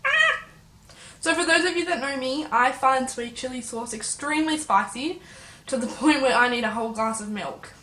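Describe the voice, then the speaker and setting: A woman's voice: high-pitched, a little fast, a bit bright. A young woman vlogging a chili challenge, panicky and exclaiming, teary and in pain. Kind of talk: casual vlog chat. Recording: echoey room with faint noise.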